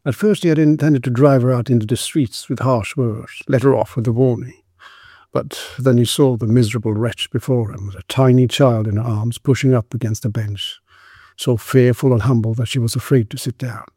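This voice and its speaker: A man narrating a period story in a measured, descriptive way. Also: mid-range voice, fairly even intonation, dark tone, slightly rough, no room sound, studio quality.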